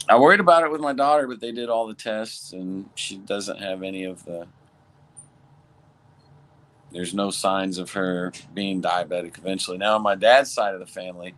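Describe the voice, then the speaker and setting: Co-host, man, lowish voice, easygoing relaxed conversational telling. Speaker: podcast co-host. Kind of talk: casual chat.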